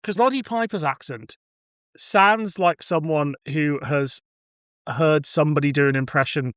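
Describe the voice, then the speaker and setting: A man's voice: fairly high pitch, a little slow, fairly bright tone, dry recording, studio quality. A man hosting a podcast in casual, easygoing chat. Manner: laughing easily, chatty. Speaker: podcast host.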